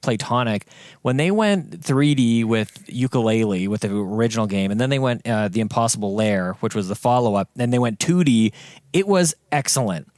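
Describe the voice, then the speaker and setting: Casting: young adult man, podcast co-host, relaxed chat, dry close-miked sound. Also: medium pitch, normal speed, no echo. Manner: laughs easily, hesitant with fillers. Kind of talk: casual chat.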